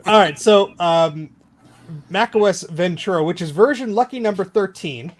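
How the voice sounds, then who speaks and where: A man's voice: sits high, normal speed. A man hosting a casual tech podcast, chatty and loose, joking and filling his talk with ums and restarts.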